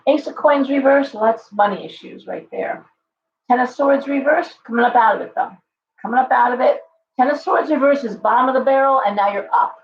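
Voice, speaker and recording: Woman tarot host, live stream, a little hoarse from losing her voice, chatty and reassuring, roomy dull audio. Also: high voice, brisk. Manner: chatty, reassuring, addresses viewers directly. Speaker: tarot reader hosting a live show.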